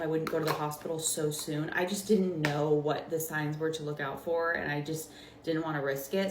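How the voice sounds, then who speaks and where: A young woman vlogger telling a casual storytime while doing her makeup, chatty and full of fillers. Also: low-pitched. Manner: chatty, filler-heavy, animated retelling. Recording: roomy with faint background noise.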